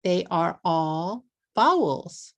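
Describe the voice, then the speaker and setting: A Texan woman gives an English pronunciation lesson at a very unhurried pace. Her voice sits a bit low and has a gravelly edge. She repeats each word with care and mixes in simple Japanese words. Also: sing-song. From Texas. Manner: drills words slowly and repeats them clearly. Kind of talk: slow, deliberate pronunciation lesson.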